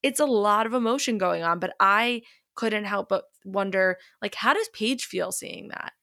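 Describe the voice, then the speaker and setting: A woman's voice: mid-range voice, moderate pace, creaky, dry recording. Chatty woman podcast co-host, dry sound. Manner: chatty and expressive, acts out quotes. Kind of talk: casual chat recapping a reality show.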